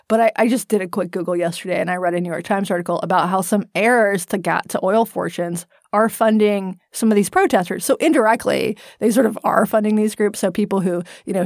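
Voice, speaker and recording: A woman co-hosts a casual podcast in a blunt, salty way, swearing freely and laughing easily. Her voice sits in an ordinary middle pitch. The sound is close and dry, with no room in it. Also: dry recording. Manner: blunt and profane, laughs often. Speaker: podcast co-host.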